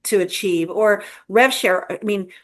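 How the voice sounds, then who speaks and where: A woman's voice: mid-range voice, a little slow. A woman guest in a conversational interview, telling stories earnestly with frequent restarts. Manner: earnest, storytelling with repeated starts. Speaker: guest, real estate agent leader.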